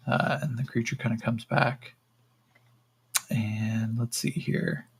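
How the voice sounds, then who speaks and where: A man narrating a solo tabletop game in a relaxed storytelling way, with fillers and asides. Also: medium pitch, slow pace, vocal fry, long pauses, breathy edge. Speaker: game master and solo player.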